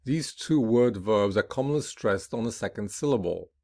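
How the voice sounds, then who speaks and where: A man teaching an English pronunciation lesson, explaining each rule slowly and deliberately, often checking in with "right?" and saying word pairs aloud with clear, emphatic stress. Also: lowish voice, expressive, dark tone.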